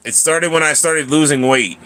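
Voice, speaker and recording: A man's voice: a little high, moderate pace, bright, forceful tone. A man in his thirties hosting a casual livestream, rambling and chatty as he answers viewers by name. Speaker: livestream host.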